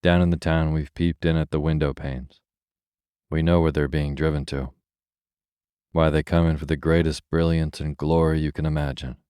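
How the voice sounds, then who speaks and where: A man's voice: very deep voice, little pitch movement, normal speed, warm tone, smooth, dry recording, clean studio sound. A man voicing a flock of chattering gray sparrows in a bedtime story, eager to show what they know.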